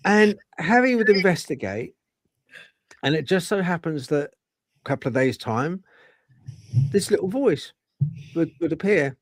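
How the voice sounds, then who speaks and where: A man's voice: fairly high pitch, lively intonation, measured pace, long pauses, no echo. A man hosting a podcast, telling a story in a casual, rambling way with many fillers and restarts. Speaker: podcast host.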